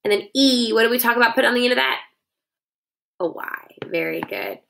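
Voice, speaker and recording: Woman teacher, bright clear tone, patient and encouraging, sounds out syllables for young children. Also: a little high, expressive, a little fast, slight background noise. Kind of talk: phonics lesson for young children.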